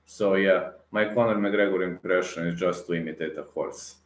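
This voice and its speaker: A low-voiced man speaking at a normal pace in an echoey room rants heatedly and casually as an MMA reaction vlogger. He repeats himself for emphasis and is full of fillers, restarts, and hesitations.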